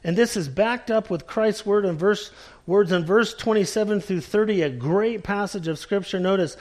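A male pastor preaching a sermon, emphatic, dropping to quiet low lines for emphasis before a communion prayer. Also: normal speed.

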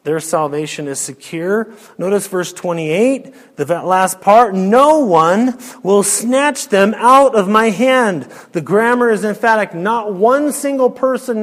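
Emphatic high-voiced male preacher. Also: long reverb tail. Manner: emphatic, rhetorical questions, drops to a hush. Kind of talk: expository sermon.

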